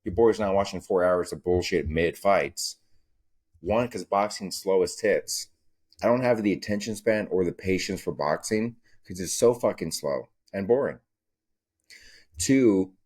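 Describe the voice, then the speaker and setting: A man's voice: low voice, moderate pace, a little mellow, husky. A young man hosting a casual solo podcast, telling stories in a profane, rambling way. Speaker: podcast host.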